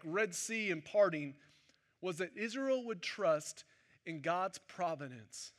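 A man preaching a sermon to his congregation in a church service, talking in a conversational way and joking with the people in front of him. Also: sits high. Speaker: pastor.

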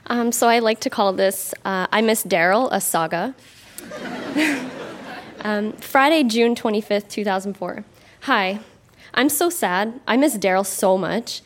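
A woman's voice: medium pitch, measured pace, slight background noise. A woman reads her old diary aloud on a theatre stage, wry and breaking into laughter between entries. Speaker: reader on stage. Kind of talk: reading childhood diary aloud to a live audience.

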